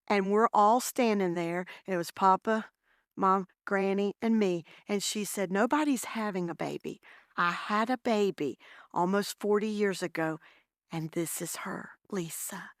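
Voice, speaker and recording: A woman's voice: mid-range voice, unhurried, no room sound. Woman, church testimony speaker, heartfelt storyteller, dry close sound. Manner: heartfelt, storytelling, addresses listeners as "y'all". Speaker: guest speaker. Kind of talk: personal testimony talk. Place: church breakfast gathering.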